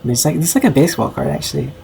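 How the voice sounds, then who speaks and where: A man's voice: fairly high pitch, rapid-fire, creaky, mellow, slight background noise, low-quality recording. A young man streaming casually, rambling and self-conscious with lots of filler words. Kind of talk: casual livestream commentary.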